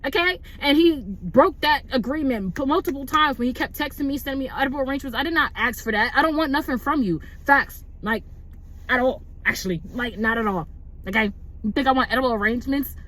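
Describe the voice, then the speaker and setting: A young woman with a high voice talks through a personal story on her vlog. She rambles, restarts her sentences and fills them with "like" and "bro". The telling is casual and unscripted. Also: a little fast. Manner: rambling, animated, lots of "like" and "bro". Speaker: vlogger.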